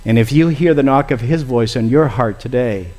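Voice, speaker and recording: A man's voice: mid-range voice, moderate pace, darkish tone. A man preaching a sermon and leading a closing prayer, earnest and pleading, often calling his listeners friends.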